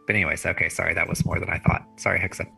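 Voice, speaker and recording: Very deep, gravelly-voiced man. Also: little pitch movement, racing, pushed and bright, faint music behind. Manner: apologetic and hesitant. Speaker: player. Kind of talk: playing a tabletop game.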